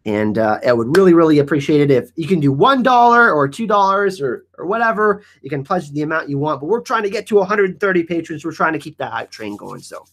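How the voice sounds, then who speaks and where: Energetic man hosting a live Q&A. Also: on the high side, quick pace, few pauses. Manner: energetic, hyped, rambling with restarts. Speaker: YouTube channel host. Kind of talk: casual live-stream Q&A.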